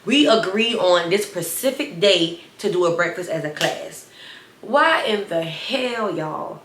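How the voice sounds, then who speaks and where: A woman's voice: on the low side, measured pace, roomy sound, slight background noise. A young adult woman with a slight lisp, chatting animatedly in a casual storytime. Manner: animated, chatty, addresses viewers as y'all. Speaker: storyteller vlogger.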